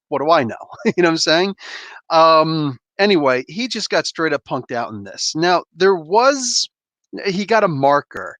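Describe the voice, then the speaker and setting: A man's voice: fairly high pitch, a bit bright, no room sound. A man casually reviewing comics on a live stream, loose and joking, laughing often and swearing a bit.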